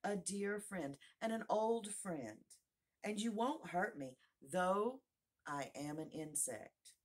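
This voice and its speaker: A woman voicing a small, sad, gentle gnat with a soft little voice that speaks close to the ear, in a storybook reading. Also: medium pitch, animated, slow pace.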